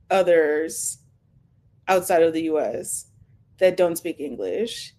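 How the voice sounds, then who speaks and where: Slow-talking woman giving animated commentary. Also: low-pitched. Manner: animated, laughing, opinionated. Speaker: reaction video host. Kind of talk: casual commentary on a clip.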